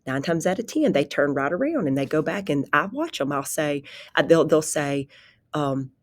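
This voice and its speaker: A woman who teaches pre-K, talking calmly and conversationally about her classroom, often backtracking and restarting sentences. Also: sits low, moderate pace, no echo. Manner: calm, conversational, rambling with restarts. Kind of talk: informal spoken presentation.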